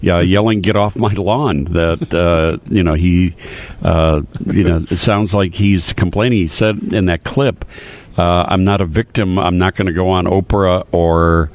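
A man hosting a radio show, chatting casually and speaking haltingly with frequent pauses and restarts. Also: sits low, steady tone, darkish tone. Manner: hesitant, many uh fillers and restarts. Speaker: radio host.

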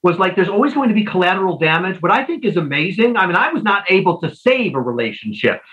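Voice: medium pitch, big pitch swings, quick pace, lo-fi sound. A host interviewing an author in a chatty, friendly way, often restarting sentences. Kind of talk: conversational interview.

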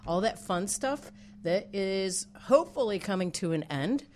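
A woman's voice: mid-range voice, lively intonation, a little slow, a little mellow, slight background noise. A woman, a real estate agent guest in a casual interview, upbeat and enthusiastic.

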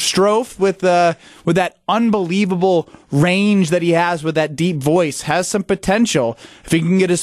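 A man's voice: fairly high pitch, no room sound, clean studio sound. A man co-hosting sports talk radio, playful and rambling, getting defensive when teased.

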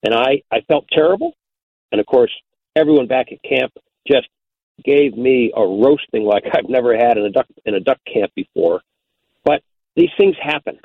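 A man's voice: medium pitch, moderate pace, a little hiss or hum. An older man, a radio outdoors host, telling a hunting story in a folksy way, often repeating words as he searches for them. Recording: tinny phone-like dry sound.

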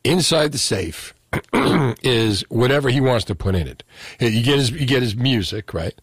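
A man hosting a call-in radio show, chatty and telling stories with quick asides. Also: mid-range voice, lively intonation, slightly rough, dry recording. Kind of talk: casual call-in radio talk.

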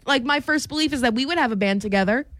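Playful high-voiced female radio co-host. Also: quick pace, fairly bright tone, no room sound. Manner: playful, jokey. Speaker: radio morning show co-host. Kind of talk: casual radio banter and news reading.

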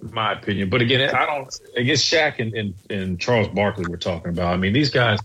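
A man's voice: on the low side, a little fast, a bit bright, a little hiss or hum, poor audio. A man co-hosting sports talk radio, hedging and rambling through his take with many restarts.

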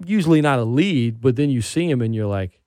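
A man hosting a casual talk show, an animated storyteller who gets worked up. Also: mid-range voice, fairly quick, dry recording, studio quality. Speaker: podcast host. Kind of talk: casual chat.

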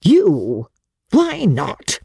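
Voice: big pitch swings, takes it slowly, a little mellow, slightly rough, no echo, clean studio sound, heavily acted. A reader doing a cunning, domineering grandmother. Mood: coaxing. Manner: coaxing, archly theatrical, higher voice. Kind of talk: audiobook character voice.

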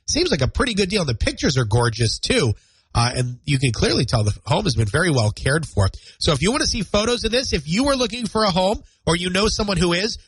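Speaking into a studio mic, a thirtysomething man hosts morning radio by himself, chatty and self-deprecating despite a cold that makes him nasal and congested, with a stuffy nose and scratchy throat. His voice is fairly high, fairly bright, and slightly rough. The recording is rough, with no room sound.

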